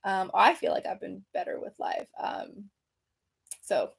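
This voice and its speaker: A woman's voice: mid-range voice, a little slow, vocal fry, breathy edge. A woman in her thirties casually chatting on a home livestream, reading comments aloud with many ums and restarts. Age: 30s. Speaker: creator hosting a livestream. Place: room at home. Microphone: computer webcam mic, seated at desk.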